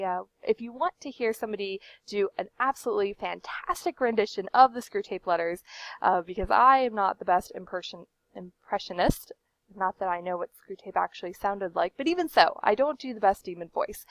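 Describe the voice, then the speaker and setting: A woman's voice: medium pitch, moderate pace, no room sound. A woman hosting a casual book vlog, chatty and rambling, with frequent fillers, restarts and light laughs. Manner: laughs now and then while talking. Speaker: book channel host. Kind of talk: casual book commentary to camera.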